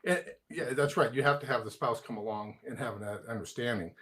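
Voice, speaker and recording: A man hosting a casual conversation, telling stories in an animated way and quoting himself and others. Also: mid-range voice, brisk. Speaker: host.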